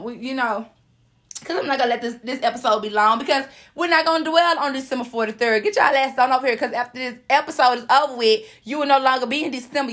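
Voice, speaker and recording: A woman's voice: high-pitched, a bit bright. A woman hosting a motivational podcast monologue, sassy and profane, preaching and repeating lines for emphasis. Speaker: podcast host.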